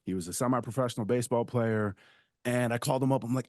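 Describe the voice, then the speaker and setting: A man telling a rambling personal story in a casual podcast conversation, animated and often checking in with "right?". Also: medium pitch, fast, no room sound, clean studio sound.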